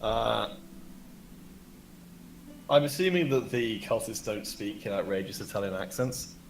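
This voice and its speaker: A man's voice: fairly low pitch, measured pace, vocal fry, reverberant, a little hiss or hum, rough recording. A man playing a tabletop game, chatting casually and in an easygoing way. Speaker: player.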